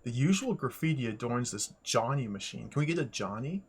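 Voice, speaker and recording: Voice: mid-range voice, expressive, fairly quick, husky. Wry streamer reading game text aloud. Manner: chuckles often. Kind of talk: casual let's-play commentary.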